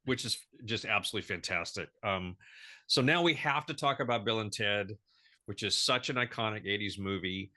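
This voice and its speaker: A man hosting an interview, asking his guest questions in a measured, unhurried way. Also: on the low side, sharp tone. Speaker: interview host.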